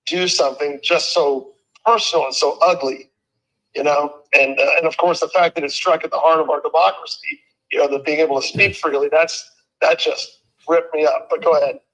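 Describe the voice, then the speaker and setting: A man in his fifties, a retired police officer, talking earnestly on a video call, halting and restarting his sentences often. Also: on the high side, fairly bright tone, rough recording. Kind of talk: casual talk show conversation.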